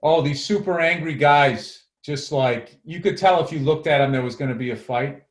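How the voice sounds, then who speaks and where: A man co-hosting a podcast, telling comedy club stories in a profane, animated way. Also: on the high side, moderate pace, roomy sound. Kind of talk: casual storytelling chat.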